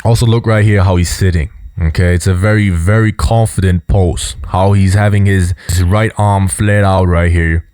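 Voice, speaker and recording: A man hosting a casual video commentary, explaining at an easy pace and filling his talk with "you know" and "right". His voice sits low and sounds dry and close. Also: normal speed, dry recording. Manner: relaxed, explanatory, many fillers. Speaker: host.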